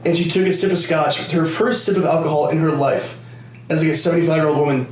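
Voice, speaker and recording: A comedian and podcast host rambles through family stories, swearing freely and restarting his sentences. His voice sits a bit high for a man. The audio is roomy and distant, picked up by a camera across the room. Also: steady tone, fast, darkish tone. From United States, Connecticut. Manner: loose, profane, rambling with restarts. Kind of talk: casual comedic storytelling.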